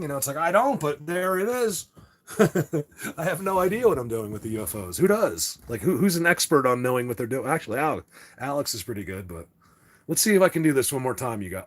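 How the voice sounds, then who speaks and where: A man hosting a live video, talking excitedly and rambling straight to his viewers. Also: on the high side, a little fast. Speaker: livestream host.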